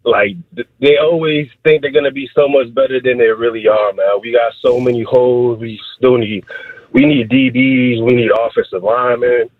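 A man's voice: medium pitch, steady tone, moderate pace, slightly rough. A man in his thirties calling in to a sports radio show, rambling casually and with frustration. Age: 30s. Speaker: caller. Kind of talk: call-in on a phone line. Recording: tinny dry phone line.

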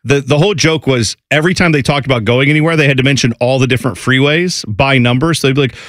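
A man from Central Ohio co-hosting a casual chat show, animated and quick to slip into mocking put-on accents. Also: mid-range voice, no room sound, studio quality. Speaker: podcast co-host.

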